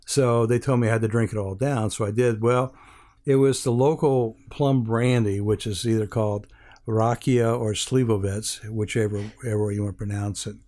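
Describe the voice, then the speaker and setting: A man's voice: fairly low pitch, steady tone, normal speed, warm tone. Older man telling a rambling story. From Hawaii. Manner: rambling storyteller, frequent restarts and fillers. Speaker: interview guest. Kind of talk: casual anecdote telling.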